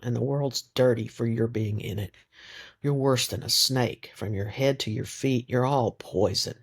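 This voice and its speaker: A man's voice: mid-range voice, lightly acted. A man reading the lines of a fierce, protective peasant woman who makes cold, cutting threats in an audiobook.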